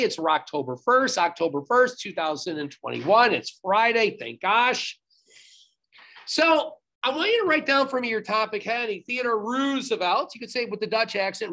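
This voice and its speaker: A man's voice: high voice, pushed and bright. A man teaching history in a recorded video lecture, speaking emphatically, repeating instructions and adding asides to the class, recorded on a laptop video-call setup.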